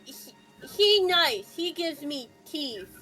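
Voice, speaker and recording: A woman's voice: high voice, sing-song, slow pace, sharp tone, voice pushed up, heavily acted. A woman voicing an odd, childlike male creature who collects teeth and talks in broken, simple grammar. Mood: blunt childish. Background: background music.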